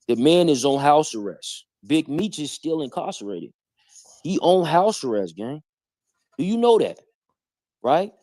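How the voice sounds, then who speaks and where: A man's voice: fairly high pitch, very animated, unhurried, pauses often, mellow, dry recording. A man hosting a live stream, bluntly challenging people in heavy street slang. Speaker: stream host. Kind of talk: heated live-stream commentary.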